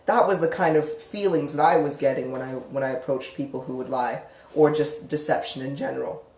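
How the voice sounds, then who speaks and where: A woman's voice: extremely low pitch, a little fast, a little mellow, reverberant. A woman hosting a live psychic Q&A, answering viewer comments in a frank, chatty way with casual swearing. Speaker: psychic live-stream host.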